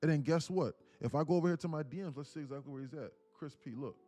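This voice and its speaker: A man's voice: on the high side, quick pace, mellow. A man hosting a live trading stream and mentoring viewers, talking in a rambling, slangy way with many restarts. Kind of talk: casual live-stream talk.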